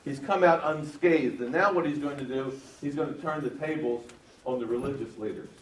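A man preaching a verse-by-verse Bible sermon, swinging from quiet explanation to loud emphasis and asking his audience questions. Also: mid-range voice, moderate pace, a little hiss or hum. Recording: roomy sound from a distance.

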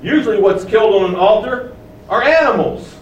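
A man's voice: high voice, lively intonation, fairly quick, highs cut off, a little hiss or hum. A man preaching a sermon, explaining a passage and asking his listeners questions. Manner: explains, asks the room questions. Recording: echoey room, mic at a distance.

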